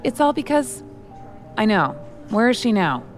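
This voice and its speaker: A woman's voice: on the high side, sing-song, a little slow, faint music behind. A woman voicing a curt, cool-headed male record producer who gives clipped orders. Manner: blunt, clipped, commanding.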